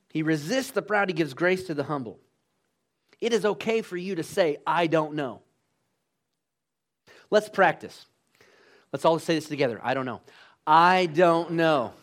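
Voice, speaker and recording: Preacher, male, slightly high-pitched, lively and engaging with the congregation. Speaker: pastor. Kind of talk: sermon.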